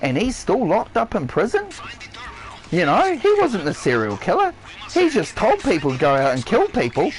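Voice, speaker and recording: A high-pitched man with a New Zealand accent rants on a live game stream at normal speed, his pitch swooping wildly. He swears constantly, shouts and then drops his voice, and repeats himself. Soft music plays behind the rough recording.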